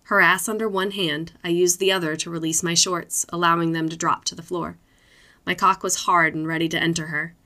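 A woman reading adult fiction aloud, in steady, unhurried narration. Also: lowish voice.

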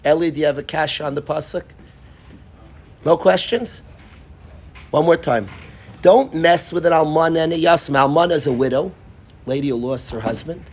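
Speaking at normal speed with long pauses, a man with a husky, fairly high voice teaches Torah informally as a yeshiva rabbi. He brings the lesson to life by acting out short dialogues, addressing students by name, and repeating key phrases to stress them.

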